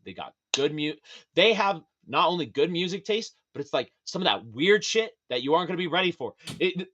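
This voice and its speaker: A man as a podcast guest in casual chat, animated and profane, laughing often. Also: on the high side, a little fast, muffled recording.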